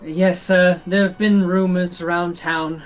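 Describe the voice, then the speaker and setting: A woman's voice: fairly low pitch, fairly even intonation, measured pace, soft background music, low-quality recording. A woman narrating as game master in a tabletop game over online voice chat, with loose, filler-heavy narration.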